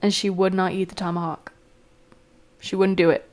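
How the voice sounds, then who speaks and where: A woman's voice: lowish voice, little pitch movement, normal speed, darkish tone. A young woman rambling casually to camera in a vlog, chatty and full of fillers. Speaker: vlogger. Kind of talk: casual chat.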